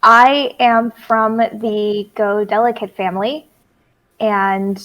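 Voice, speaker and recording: A woman voicing an overly courteous, flattering female adventurer in a tabletop game. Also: on the high side, slow pace.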